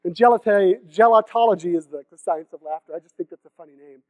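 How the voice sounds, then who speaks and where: A man's voice: high voice, quick pace, dark tone, no room sound. A young man from the Seattle area giving a comedic keynote talk at a conference, joking with the crowd and acting out silly voices. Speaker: conference speaker. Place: conference hall stage.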